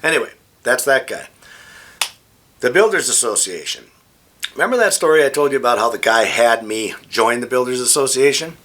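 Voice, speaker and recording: Bright-voiced middle-aged man telling stories. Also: medium pitch, normal speed. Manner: rambling, animated anecdotes with frequent restarts. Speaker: vlogger. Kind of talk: casual storytelling.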